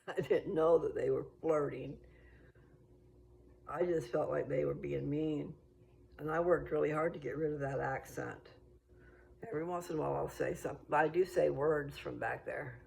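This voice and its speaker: Woman, gravelly, chatty, meandering talk, outdoors, faint background noise. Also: low voice, steady tone, moderate pace, darkish tone, low-quality recording. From United States. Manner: chatty, meandering, thinking aloud. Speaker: vlogger. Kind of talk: casual rambling monologue while walking. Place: outdoors on a walk.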